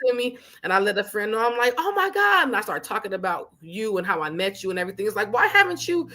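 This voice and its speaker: A woman's voice: mid-range voice, quick pace. A woman hosting an interview with casual, heartfelt, emotional talk. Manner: effusive, emotional, animated storytelling. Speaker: podcast host.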